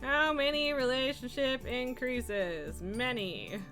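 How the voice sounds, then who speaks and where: A woman's voice: high voice, slow pace, a bit bright, faint music behind. A woman streaming a farming game, chatting casually and giggling, who slips into baby talk with her cat. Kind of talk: casual livestream chat while playing a farming game.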